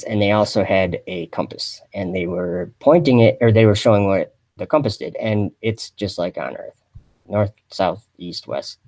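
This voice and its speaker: A man chatting on a mock live stream in a deadpan, rambling way, full of fillers and restarts. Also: lowish voice, creaky. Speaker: satirical livestreamer posing as an astronaut.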